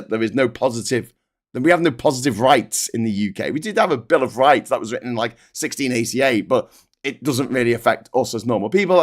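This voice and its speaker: A British man hosting a political commentary livestream, animated and sarcastic, ranting with frequent restarts. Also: mid-range voice.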